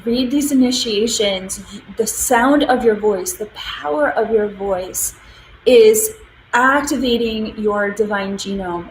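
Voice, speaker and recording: A woman's voice: medium pitch, echoey room, a little hiss or hum, low-quality recording. A woman hosting a spiritual livestream in casual talk, emotional and gushing, with many ums and likes.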